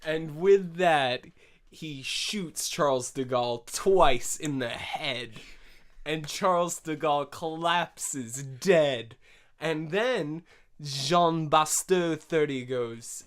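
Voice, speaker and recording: Slow, smooth-voiced man telling a comic tale. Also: on the high side, fairly bright tone. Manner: unhurried, stammering repeats. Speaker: podcast co-host. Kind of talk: improvised comedy storytelling.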